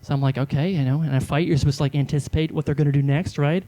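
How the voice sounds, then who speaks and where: A man's voice: fairly high pitch, fairly even intonation, rapid-fire, dark tone. A man in his thirties doing stand-up comedy, telling rambling, self-deprecating stories with many fillers into a handheld stage mic. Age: 30s.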